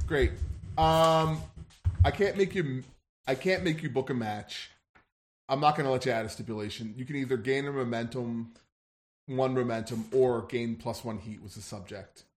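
A man's voice: medium pitch, normal speed. A man running a tabletop wrestling game as game master, giggly and rambling.

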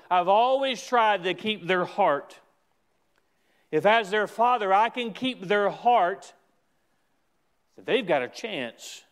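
A man preaching a sermon as a pastor, emphatic, with repeated restarts and stretches where he rises to a shout. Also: high-pitched.

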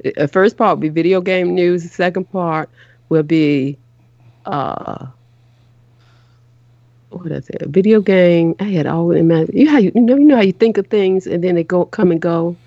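A woman's voice: fairly low pitch, mellow, no echo. A middle-aged woman hosting a show talks in a casual, earnest way and often stops to restart her sentences. The audio is slightly dull and lo-fi, with a dry, close sound. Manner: earnest, repeats herself, halting restarts. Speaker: show host. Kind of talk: casual chat on a call-in show.

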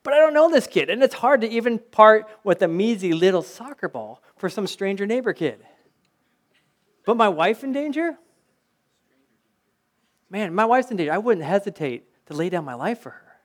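A man's voice: high voice, very animated, normal speed, pauses often. A middle-aged man preaching a sermon in a conversational way, mixing scripture with personal anecdotes and rhetorical questions. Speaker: pastor.

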